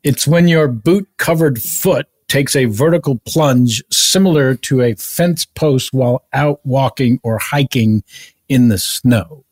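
A man's voice: mid-range voice, takes it slowly, darkish tone, dry recording. A man hosting a comedy podcast, reading listener mail and improvising as a laid-back hiking guide. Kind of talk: casual improv comedy chat.

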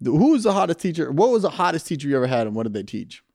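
A man's voice: a little high, sing-song, very fast, vocal fry, a little mellow, no room sound, studio quality. A young man from California co-hosting a casual podcast, joking, laughing often and mimicking voices. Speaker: podcast co-host. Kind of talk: casual chat.

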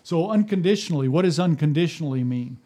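Telling stories from his firefighting leadership days on a casual podcast, this man talks fast with lively intonation, a slightly high pitch and a dark tone. He acts out whoever he's quoting and often starts his sentences over.

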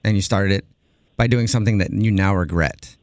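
A man hosting a radio show, chatting casually and quickly with a caller and laughing often. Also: lowish voice, darkish tone, no echo, studio quality.

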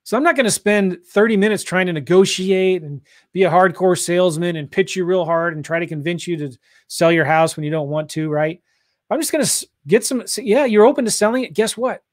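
A man from St. Louis coaching real estate investors on a livestream, pushing hard in an energetic sales style. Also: high-pitched, a little fast, no echo, clean studio sound. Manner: pushy, energetic sales talk.

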